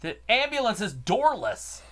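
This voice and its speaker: A man's voice: sits high, big pitch swings, a little slow, fairly bright tone. A man co-hosting a casual live watch-along, calling the action play by play as it happens. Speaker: co-host.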